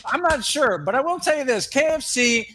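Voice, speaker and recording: A man's voice: extremely high pitch, expressive, normal speed, pushed and bright, a little hiss or hum. A man co-hosting a live comedy fake-news segment, rambling through jokes and laughing at his own gags. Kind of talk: mock newscast banter.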